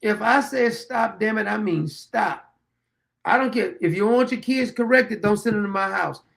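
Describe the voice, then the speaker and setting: A man's voice: sits high, normal speed, creaky, a bit bright. A middle-aged man hosting his own show, delivering a blunt, preachy, rambling opinion monologue. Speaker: show host.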